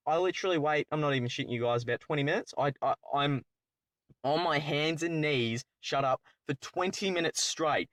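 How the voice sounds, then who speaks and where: A young man, telling a personal story as a channel host in a rambling, excitable way, correcting himself often. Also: on the high side, fairly quick, no room sound. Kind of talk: storytime commentary.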